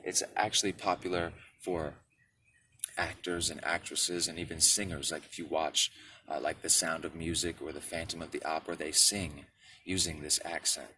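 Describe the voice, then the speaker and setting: A man's voice: a bass voice, fairly even intonation, moderate pace, sharp tone, far from the mic, a little hiss or hum. A man from Michigan giving a casual spiritual talk to camera, often checking in with the listener with "right?" and "okay?". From Michigan, United States. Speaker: spiritual video creator.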